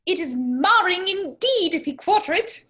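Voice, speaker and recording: A woman reading a fussy, comic parson with a put-on accent in a casual amateur play reading, lively and at times laughing through the lines. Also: very high-pitched, moderate pace. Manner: lively, breaks off laughing at her own accent. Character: comic fussy Welsh parson, middle-aged man.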